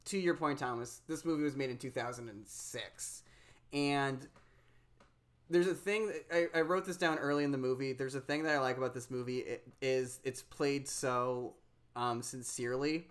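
Rambling animated podcast co-host. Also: medium pitch, normal speed. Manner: rambling, many fillers and restarts, animated. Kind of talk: casual film discussion.

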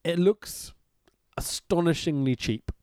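A man's voice: fairly high pitch, slow pace, warm tone, smooth, no room sound, studio quality. A man co-hosting a casual podcast, chatting sarcastically about old wrestling and swearing now and then. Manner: sarcastic, swearing, laughing at the show. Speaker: podcast co-host.

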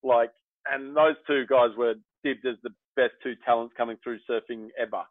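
A man with an Australian accent, a surf coach, talking bluntly and telling animated stories in a casual chat. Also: mid-range voice, normal speed, dry recording. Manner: blunt, animated storytelling with swearing. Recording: dry, phone-like narrow sound.

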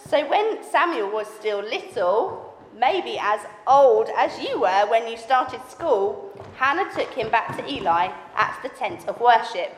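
A woman leading a children's session, teaching hand signs and reading a story to the kids in an animated, teacherly way. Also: fairly high pitch. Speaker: children's ministry leader. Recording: echoey hall with faint background noise.

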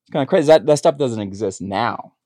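A man talking as a guest in a relaxed interview, his voice sitting in an ordinary middle pitch. He rambles through his stories, restarting sentences as he goes. The sound is dry and close, with no room around it. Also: brisk, no echo. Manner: rambling storytelling with many restarts. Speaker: author and actor, guest. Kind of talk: casual conversational interview.

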